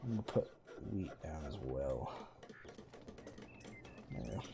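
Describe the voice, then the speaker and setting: A man's voice: very deep voice, sing-song, unhurried, gravelly, noisy background. A man streaming a game live, chatting casually in a sarcastic, self-mocking running commentary as he plays. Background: faint game music.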